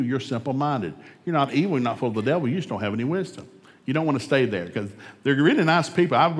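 A middle-aged man preaching a sermon in a folksy, emphatic way, a former school administrator from Oklahoma who swings up to loud peaks. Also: medium pitch. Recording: long hall reverb.

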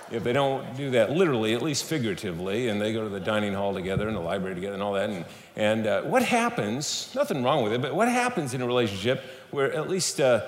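A man preaching a sermon in a church, telling stories with humor and speaking to the audience directly. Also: medium pitch. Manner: animated storytelling, playful, talks to the audience. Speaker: guest speaker at a church service. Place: church sanctuary. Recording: echoey hall, faint room noise.

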